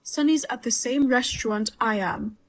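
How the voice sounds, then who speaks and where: A woman voicing a sharp-tongued outraged mother-in-law. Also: on the high side, moderate pace, close to an everyday voice. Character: blunt furious mother-in-law, older woman. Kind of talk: dramatized story voice-over.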